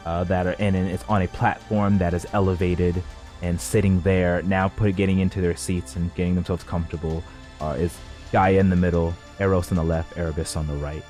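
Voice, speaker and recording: A man narrating a tabletop game as game master, describing scenes haltingly with many restarts. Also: low-pitched, little pitch movement, a little mellow, soft background music.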